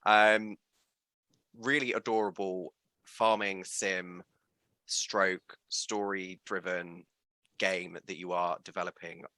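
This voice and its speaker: Bright, upbeat male interview host. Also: low voice, slow, no echo. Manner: gushing, animated, lots of fillers. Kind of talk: enthusiastic casual interview.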